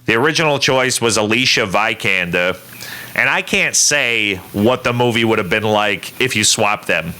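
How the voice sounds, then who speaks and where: A man co-hosting a podcast, giving a measured, opinionated movie critique in casual chat. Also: fairly low pitch, expressive, bright, forceful tone, clean tone. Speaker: podcast co-host.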